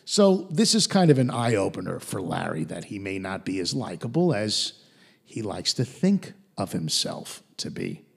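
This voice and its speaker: Male podcast host, gravelly and husky, lively recap delivery. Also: on the low side, measured pace. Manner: animated retelling with put-on quote voices. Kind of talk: episode recap.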